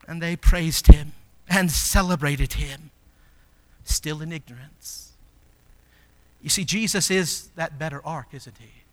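A man preaching a sermon as pastor, moving from soft, low passages to loud, emphatic ones. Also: a little slow. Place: church sanctuary. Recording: long hall reverb.

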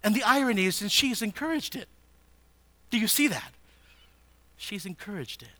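Man, Bible teacher, sermon, high pitch, bright tone, animated, rhetorical questions. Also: normal speed.

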